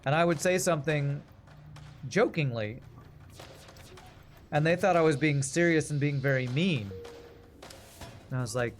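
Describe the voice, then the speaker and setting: A man's voice: on the high side, a little slow, pauses often. A man streaming a game, chatting casually and sarcastically with his viewers while he plays. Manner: sarcastic, joking, talks to chat. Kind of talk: casual gameplay commentary with chat. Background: game music.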